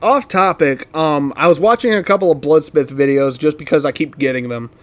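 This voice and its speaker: A high-pitched man talks loosely over his own old video, with plenty of "um"s and "like"s. He laughs easily, swears without a second thought, and sounds like a casual reaction creator. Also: a little fast. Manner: laughs often, swears casually, rambling fillers.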